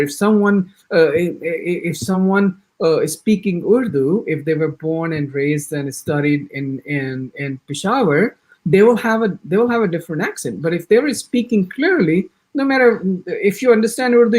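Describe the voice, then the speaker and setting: A man with an American accent teaches an exam-prep orientation, his voice sitting a little high and swinging up and down a lot. He talks in quick bursts, restarts sentences often, and acts out sample answers. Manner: animated, talks fast in bursts with many restarts. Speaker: IELTS instructor. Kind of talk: orientation lecture.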